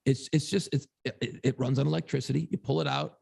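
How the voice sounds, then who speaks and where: A man co-hosting a podcast, telling a long story in a casual, profane, animated way. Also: medium pitch, fast, creaky, husky. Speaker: podcast co-host.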